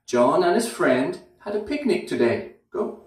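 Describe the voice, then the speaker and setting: A man teaching English pronunciation, repeating short phrases slowly and clearly for learners to copy. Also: high-pitched, big pitch swings, darkish tone. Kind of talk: slow, drilled pronunciation lesson. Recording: very echoey room, mic at a distance.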